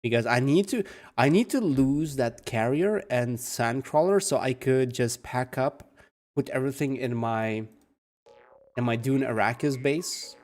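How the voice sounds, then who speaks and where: A young man with a calm, soft-spoken manner chatting casually with viewers while playing a game at home. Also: mid-range voice, unhurried. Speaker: gaming streamer. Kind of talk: casual live game commentary. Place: home room.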